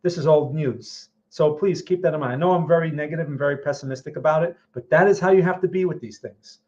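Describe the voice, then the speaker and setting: A blunt, skeptical man with a slightly high voice gives casual live-stream market commentary, answering viewer questions as a trading channel host. He stumbles and repeats words and keeps asking "right?" and "okay?". The stream audio is a little dull and lo-fi. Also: quick pace, a little mellow.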